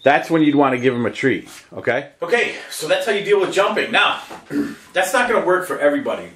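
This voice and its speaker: A male dog trainer giving an animated lesson to camera and checking in with listeners, often slipping into high voices to quote dog owners. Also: brisk. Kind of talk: instructional talk to camera. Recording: roomy sound from a distant mic.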